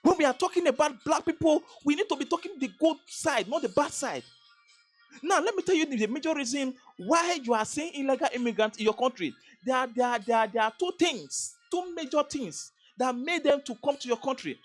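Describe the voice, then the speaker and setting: A woman's voice: high voice, lively intonation, fairly quick, soft background music. A Nigerian woman vlogger giving an emphatic political commentary, repeating phrases and restarting sentences as she presses her points. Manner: emphatic, repetitive, stammering restarts.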